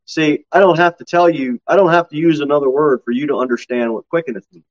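A man preaching a sermon as pastor, swinging from low, quiet asides to high, ringing exclamations. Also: fairly even intonation, fast, lo-fi sound.

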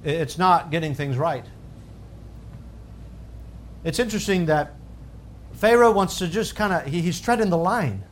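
Man, preacher, sermon, fervent swells, slightly high voice, faint background hiss. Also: animated, unhurried, pauses often. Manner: builds to loud, high-pitched fervor.

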